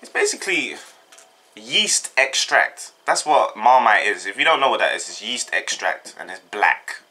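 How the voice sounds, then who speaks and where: Bright-voiced young man chatting. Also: medium pitch, moderate pace. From Britain. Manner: relaxed, laid-back slang. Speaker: vlogger. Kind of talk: casual chat.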